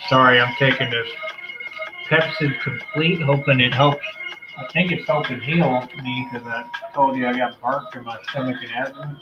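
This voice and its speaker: A man's voice: mid-range voice, fairly even intonation, moderate pace. Brash, profane male livestreamer, ranting; muffled lo-fi stream sound with music underneath. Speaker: livestream host. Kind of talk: casual livestream chat. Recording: dull lo-fi stream audio with music.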